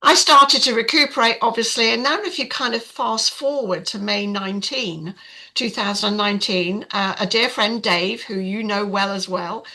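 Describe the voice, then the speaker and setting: Older woman, chatty, lots of ums, bright tone. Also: medium pitch, normal speed, poor audio. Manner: frank, chatty, many fillers. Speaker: podcast guest. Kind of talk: casual storytelling.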